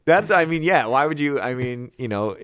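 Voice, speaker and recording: A man's voice: mid-range voice, animated, normal speed, fairly bright tone, clear, resonant tone, dry recording. A man co-hosting a casual podcast, rambling and swearing with many fillers. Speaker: podcast co-host. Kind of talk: casual chat. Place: home basement.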